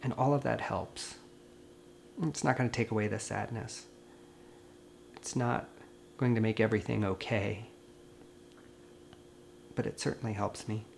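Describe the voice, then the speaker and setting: A grieving man, a veterinarian, speaks to camera in a gentle, earnest and consoling way. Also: fairly low pitch, fairly even intonation, a little slow, gravelly, long pauses, slight background noise. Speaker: veterinarian and video host. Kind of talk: personal vlog talk to camera.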